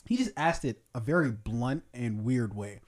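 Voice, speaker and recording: A man's voice: mid-range voice, lively intonation, normal speed, darkish tone. A man co-hosting a casual podcast, swearing freely and laughing as he acts out quotes. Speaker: podcast co-host. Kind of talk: casual chat.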